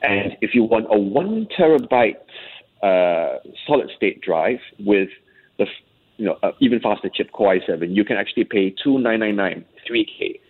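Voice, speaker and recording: Man, lowish husky voice, chatty tech commentator, heard over a phone line. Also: animated, normal speed. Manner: chatty, explanatory. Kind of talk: conversational tech chat on air. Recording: tinny phone-line sound.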